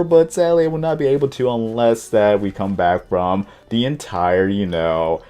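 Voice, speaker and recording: A man's voice: fairly low pitch, moderate pace, few pauses, warm tone, clear, resonant tone. A man hosting a casual let's-play, chatting to viewers as he explores, often stumbling over his words. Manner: chatty, addresses viewers directly. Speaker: gaming channel host.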